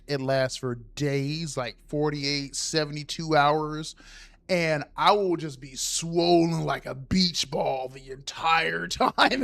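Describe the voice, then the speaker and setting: A man chatting casually and profanely on a game live stream, bursting into panicked shouts during fights. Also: a little high.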